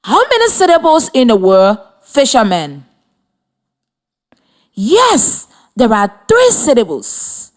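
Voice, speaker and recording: Slow, lively-voiced woman teacher. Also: medium pitch. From Liberia. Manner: slow, deliberate, encouraging instructions. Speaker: radio teacher. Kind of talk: scripted radio lesson for children.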